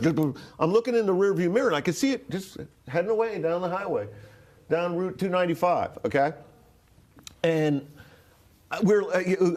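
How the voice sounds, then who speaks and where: A man from Rhode Island telling a story casually, rambling with fillers, restarts and swearing. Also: fairly high pitch. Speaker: interview guest.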